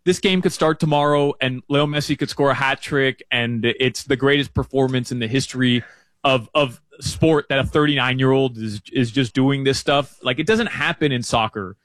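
A man talking through soccer picks in a rambling, animated way, full of fillers and restarts, as a guest on a sports chat show. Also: medium pitch, moderate pace, no echo. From Uruguay fan living in Miami.

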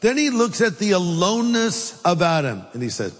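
A male pastor delivers an animated, humorous sermon in a large church. His voice sits high for a man. Long reverb from the hall trails each phrase. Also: normal speed. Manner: animated, joking preaching.

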